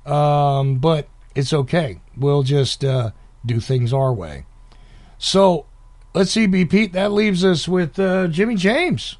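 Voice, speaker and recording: A man's voice: on the high side, takes it slowly, darkish tone. A man hosting a casual call-in podcast, chatty and laughing often between his fillers. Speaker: podcast host.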